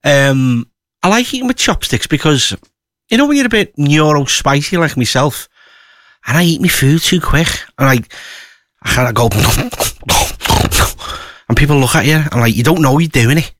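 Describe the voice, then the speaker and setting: A man's voice: fairly high pitch, animated, moderate pace, a bit bright. A man presenting a local radio show, rambling and chatty with many fillers and asides. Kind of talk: casual radio chat.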